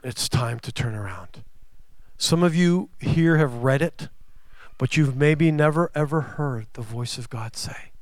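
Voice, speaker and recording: A man's voice: medium pitch, no echo. Fervent preaching man, dry close sound. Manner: swings between loud emphatic lines and hushed, slow ones; asks the congregation questions, drawn-out emphasis. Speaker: pastor. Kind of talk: sermon. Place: church service before a congregation.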